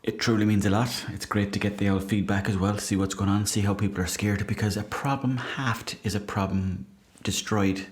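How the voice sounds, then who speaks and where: An Irish man hosting a podcast, delivering a deadpan, profane comic monologue as he reads out listener messages and mocks them with put-on indignation. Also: on the low side, a little fast, few pauses. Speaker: podcast host.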